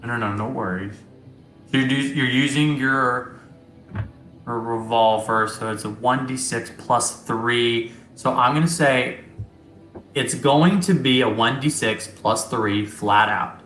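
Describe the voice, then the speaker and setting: A man's voice: medium pitch, slow, fairly bright tone, reverberant, faint music behind. A man acting as game master, talking loosely and chattily and laughing easily. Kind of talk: running a tabletop game.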